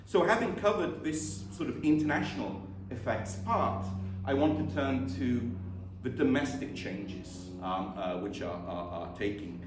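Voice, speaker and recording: A middle-aged man with a British accent blended with Scottish and Baltic sounds gives a self-deprecating academic lecture, full of ums and restarts. His voice sits at an ordinary pitch. He is picked up from a distance in an echoey room over a faint hiss. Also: unhurried, hardly any pauses. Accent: mixed British with Scottish and Baltic tinges. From born in the UK, raised in England. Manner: self-deprecating, with frequent fillers and repeated words. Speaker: visiting professor.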